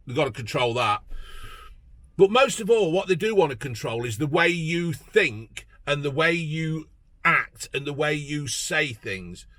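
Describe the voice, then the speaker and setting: Blunt bloke swearing through a political rant, high-ish voice, dry close sound. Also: male voice, fairly bright tone, dry recording. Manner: profane, blunt ranting with frequent swearing. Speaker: political vlogger. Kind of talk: casual ranting commentary.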